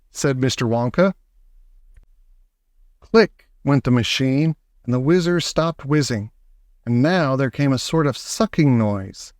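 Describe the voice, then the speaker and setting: Guy narrating a children's book, expressive and measured, dead dry recording, a bit high-pitched. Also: no room sound. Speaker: audiobook reader. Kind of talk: audiobook narration.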